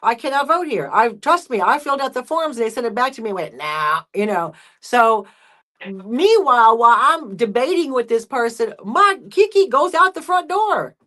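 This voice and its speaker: A woman's voice: sits high, animated, moderate pace. A woman chatting casually as a guest, telling stories and voicing her pets and neighbors. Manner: chatty storyteller, acts out pets and people in hushed voices. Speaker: guest friend. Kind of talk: casual live chat.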